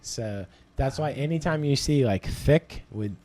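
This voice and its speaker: A man's voice: medium pitch, animated, measured pace, mellow. A man who manages a comedy club, a podcast guest, teasing and explaining things at length in casual chat.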